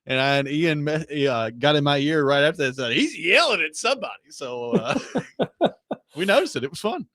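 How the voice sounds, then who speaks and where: A man with a somewhat high voice, recorded dry and close in a radio studio. He banters with his co-host in a teasing, deadpan way. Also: normal speed, no room sound. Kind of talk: casual sports radio chat.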